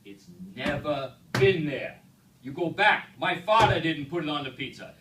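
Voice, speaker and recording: Man putting on a hot-tempered New York pizza owner, New York accent, loud ranting, distant mic, noisy background. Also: medium pitch, big pitch swings, brisk. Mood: shouting. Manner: loud, ranting, stubborn, repeats himself. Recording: echoey room, far mic, background noise.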